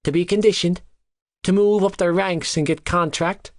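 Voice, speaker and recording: A hot-headed teenage boy voiced by a man in an audiobook, pitched noticeably above a grown man's voice. He spits insults and shouts them. The recording is dry and close. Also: steady tone, normal speed, no echo, close to an everyday voice. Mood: furious. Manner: shouting, spitting insults, voice cracking. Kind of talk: audiobook character voice.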